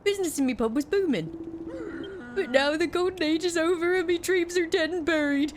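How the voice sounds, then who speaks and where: A woman's voice: very high-pitched, fairly quick, slight background noise, voice pushed up. A woman doing a washed-up old pub landlord. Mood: grumbling. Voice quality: grumbling, self-pitying. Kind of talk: reading game dialogue aloud.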